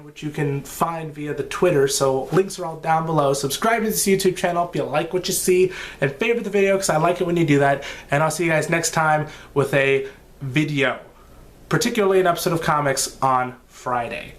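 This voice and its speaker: Excitable fan vlogger with a high voice. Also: male voice. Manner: excitable, rambling, bursts into shouts. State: sleepless at dawn. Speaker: comics vlogger. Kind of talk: excited casual vlog commentary.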